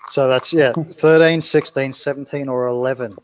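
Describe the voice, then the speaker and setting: A man's voice: medium pitch, fairly even intonation, moderate pace, no echo. A man hosting a live football quiz over a video call, reading out multiple-choice answers in a sing-song list. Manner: reads multiple-choice options out in a lilting list. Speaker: quizmaster. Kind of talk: live quiz stream chat.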